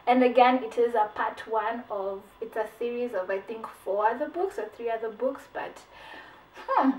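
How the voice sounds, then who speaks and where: A woman talks through her recent reads in a chatty, animated way, slipping in "like" and repeating herself as she goes. Her voice sits a bit high, and it comes from a little way off the mic in an echoey room. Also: moderate pace, far from the mic. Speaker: book reviewer. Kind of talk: casual book review vlog.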